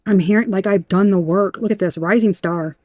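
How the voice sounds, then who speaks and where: A woman's voice: mid-range voice, brisk, no room sound. Emphatic woman doing a tarot reading. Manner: emphatic, animated, swears, talks to the viewer. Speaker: tarot reader.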